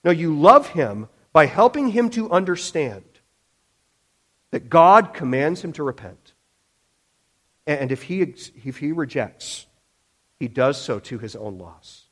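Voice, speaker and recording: A male preacher delivers a sermon in a fairly high voice. He presses his points with emphasis, stumbles over repeated words, and slips into quick voiced impressions of other people. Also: very animated, a bit bright. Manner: emphatic, with frequent restarts and acted-out quotes. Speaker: pastor.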